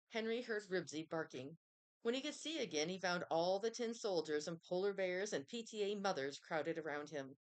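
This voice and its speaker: A woman reading a children's chapter book aloud in an expressive storytelling manner. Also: on the low side, moderate pace. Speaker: reader.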